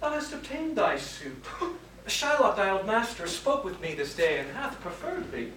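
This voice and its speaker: Man as a young gentleman, amateur stage verse, high-pitched, distant and noisy. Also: sing-song, a little slow, heavily acted. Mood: earnest. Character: young gentleman of means, earnest. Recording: roomy hall, far camera, noise.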